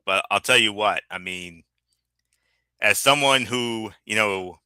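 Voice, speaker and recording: Brief: male co-host, very bright tense tone, dry close sound, animated and stammering. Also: fairly low pitch, slow, clean tone, dry recording. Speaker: podcast co-host. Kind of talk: casual wrestling recap chat.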